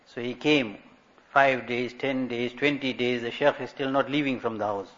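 A man's voice: medium pitch, fairly even intonation, normal speed, fairly bright tone. A man giving a religious sermon as an Islamic scholar, telling stories and asking rhetorical questions. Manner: storytelling, rhetorical questions, Arabic religious terms. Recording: dull lo-fi recording.

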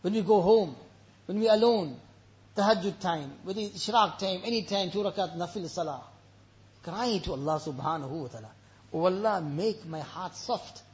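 A very high-voiced man delivering an emotional sermon, telling stories and weaving in Arabic recitation. The sound is dull and lo-fi. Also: expressive, brisk, darkish tone. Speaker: preacher.

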